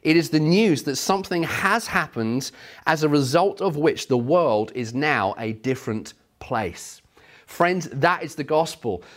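A middle-aged man preaching a sermon, telling stories with animated delivery. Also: on the high side. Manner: storytelling, animated, voices quotes.

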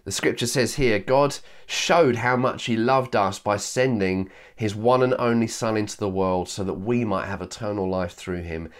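A man from Yorkshire, England, preaching a sermon. He slows to stress key phrases, repeats his main lines and quickens for asides. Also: lowish voice. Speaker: pastor.

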